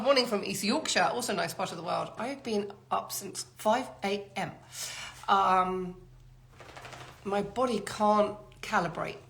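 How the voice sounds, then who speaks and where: A woman's voice: medium pitch, vocal fry, fairly bright tone. A middle-aged woman hosting a live design Q&A, chatting and reading out viewers' greetings. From Britain. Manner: chatty, repeats greetings, reads out comments. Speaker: interior design host.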